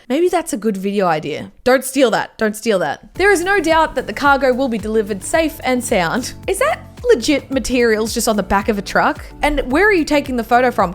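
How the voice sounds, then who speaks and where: An Australian woman hosting a reaction video, with animated, exaggerated comedic commentary and casual swearing. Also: on the high side. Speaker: YouTube reaction host.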